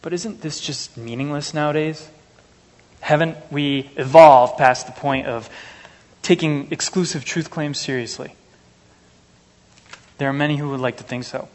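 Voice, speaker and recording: A man with a fairly high voice preaches an earnest, measured sermon to a congregation. His voice carries a long reverb, as if from a church sanctuary. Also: fairly even intonation, a little mellow. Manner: earnest, measured, anecdotal asides. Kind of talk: sermon with scripture reading.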